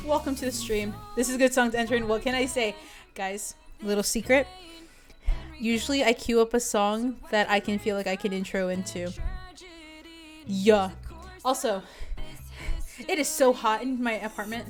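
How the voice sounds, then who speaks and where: A young woman streaming, chatting casually with viewers in a bubbly, excitable way as she gets ready to read a fanfic aloud. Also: fairly high pitch, a little slow, pauses often, faint music behind. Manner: bubbly, excitable, repeats greetings. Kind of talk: casual livestream chat.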